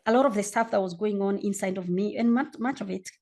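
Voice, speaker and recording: A woman in her forties from Kenya, a guest candidly telling her own story in an interview and acting out the shouting in her quotes. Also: mid-range voice, quick pace, a little hiss or hum.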